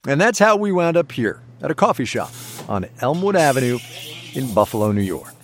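A man's voice: medium pitch, big pitch swings, fairly quick, slight background noise. A middle-aged man hosting a public radio business program, talking in a wry, conversational way while on location in a cafe. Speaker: radio show host.

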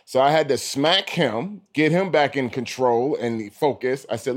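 A man, an armored car guard, telling his story in an animated way and acting out what people said. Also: mid-range voice, a little slow, few pauses. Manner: animated, acts out quotes. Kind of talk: storytelling interview.

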